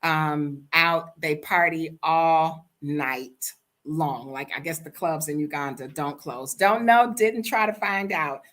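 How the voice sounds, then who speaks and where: Older woman, blunt storyteller, bright and forceful. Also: on the low side. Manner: sassy, blunt, animated storyteller. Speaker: vlogger telling a travel story. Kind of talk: casual storytime monologue.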